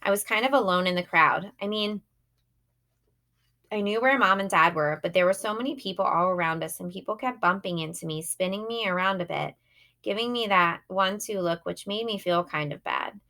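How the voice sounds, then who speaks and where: A woman's voice: mid-range voice, fairly quick, sharp tone. A woman reading a first-person children's novel aloud in a plain, youthful narrating tone. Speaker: audiobook reader.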